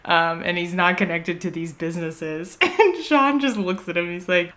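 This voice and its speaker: A young woman vlogging her live reaction to a book late at night. She is keyed up and excitable, swears freely, and drops between loud exclamations and hushed whispers. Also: on the low side, moderate pace, few pauses.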